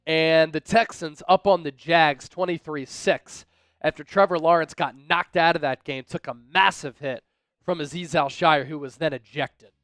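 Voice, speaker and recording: Man, high-pitched, smooth clear voice, dry close sound, casual sports stream host, upbeat. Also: fairly even intonation, moderate pace, fairly bright tone, dry recording. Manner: upbeat, reads out viewer donations and scores. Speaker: livestream sports show host. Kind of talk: live-stream sports chat.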